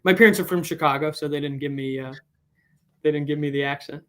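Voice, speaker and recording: A young man from Boston joins a podcast as a guest, speaking earnestly but haltingly, with frequent "uh"s. His voice is a touch higher than most men's. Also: fairly bright tone. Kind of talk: casual podcast chat.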